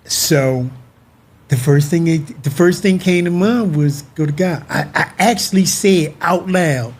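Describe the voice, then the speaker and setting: A man telling an emotional personal story on a talk show, expressive and animated. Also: fairly high pitch, measured pace, husky. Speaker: guest husband.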